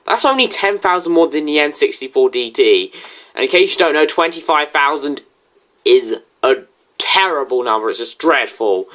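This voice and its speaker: A woman's voice: low voice, animated, normal speed, fairly bright tone. Sarcastic woman doing game commentary over a reaction vid, blunt, corrects stuff a lot. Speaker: video reviewer and commentator.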